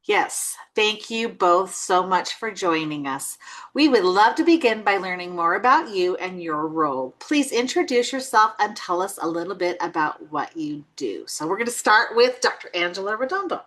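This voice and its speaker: A woman co-hosting a podcast, speaking in a friendly way. She introduces the guests and asks them questions. Her voice sits at a middle pitch. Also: animated, normal speed, fairly bright tone. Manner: friendly, apologetic interviewer. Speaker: podcast co-host.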